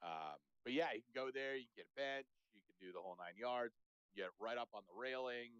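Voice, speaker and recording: A man's voice: medium pitch, quick pace, a bit bright, smooth, dry recording. A man co-hosting a casual sports chat, telling rambling, profane stories. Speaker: podcast co-host. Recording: dull, lo-fi sound.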